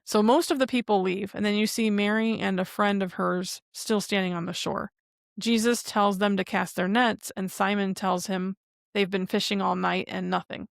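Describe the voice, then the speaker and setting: On a podcast, a female co-host casually walks through a TV episode scene by scene, rambling and chatty, stringing events together with lots of "and then." Her pitch is medium, her intonation fairly even, her speed normal, with some vocal fry. The recording is dry and studio quality.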